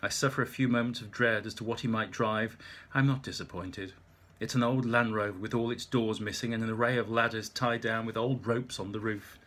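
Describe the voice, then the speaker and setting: A man's voice: on the low side, fairly even intonation, a little fast, fairly bright tone. A man narrating an audiobook in the first person, with wry, dry humour.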